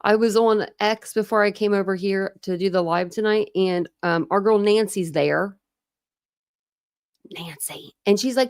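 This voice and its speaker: A woman from Ohio, USA hosts a casual true crime live stream at normal speed, her mid-range voice captured in clean studio quality with no echo. She rambles, laughs often and replies to chat comments.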